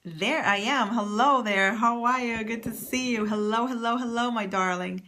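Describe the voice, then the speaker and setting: A woman's voice: a little high, normal speed, pushed and bright, a little hiss or hum. A woman fashion stylist chatting on a live phone stream from her office, effusive and greeting viewers by name. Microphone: phone camera.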